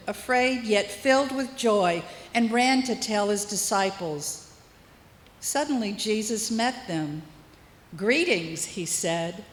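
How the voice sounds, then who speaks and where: A woman reading a scripture passage aloud, slow and careful, in a church service. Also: medium pitch. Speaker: scripture reader. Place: church sanctuary. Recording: echoey church with long reverb.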